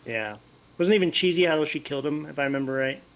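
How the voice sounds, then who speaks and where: Higher-voiced man chiming in on movie chat. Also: lively intonation, quick pace, low-quality recording. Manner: short agreeing interjections, loose rambling. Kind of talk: casual movie discussion.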